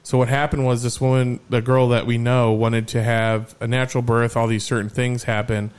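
Podcast host guy, animated storyteller, swears a lot, casual chat. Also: medium pitch, normal speed, clear, resonant tone.

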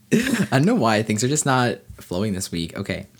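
A man's voice: fairly low pitch, huge pitch swings, moderate pace. A man hosting a casual podcast, joking around and teasing his co-host. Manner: playful, joking, laughs easily. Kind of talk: casual chat.

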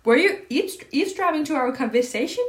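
A woman's voice: high-pitched, lively intonation, brisk, pitched above the performer's own voice. A woman reading the lines of a cheeky young prince in modern slang, giggling between lines.

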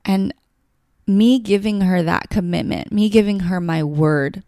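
A woman's voice: mid-range voice, measured pace, warm tone, no echo, clean studio sound. A woman telling a personal story in a candid, heartfelt way, full of "like" and "you know". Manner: emotional, heartfelt, filler-heavy with frequent "like".

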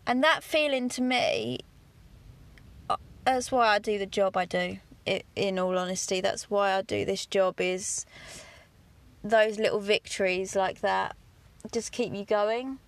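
A woman from England hosting a podcast, talking candidly about her farm work in a chatty, down-to-earth way with lively asides. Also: medium pitch, a little slow. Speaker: podcast host, farmer. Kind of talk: casual monologue.

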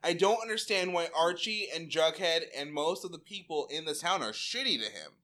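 A man's voice: fairly high pitch, animated, normal speed, bright, forceful tone. A man co-hosting a podcast in casual chat, giggly and profane, often breaking into laughter. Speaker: podcast co-host.

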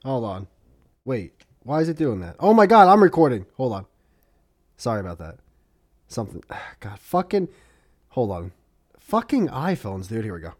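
A man's voice: medium pitch, big pitch swings, normal speed, long pauses, darkish tone, no room sound. A man hosting a casual podcast, rambling, laughing often and swearing freely. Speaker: podcast host.

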